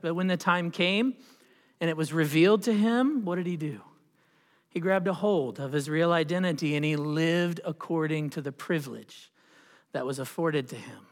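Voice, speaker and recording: A man preaching a sermon as pastor, telling a story with dramatic pauses and swelling emphasis. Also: on the high side, fairly bright tone. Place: church sanctuary. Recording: long reverb of a church hall.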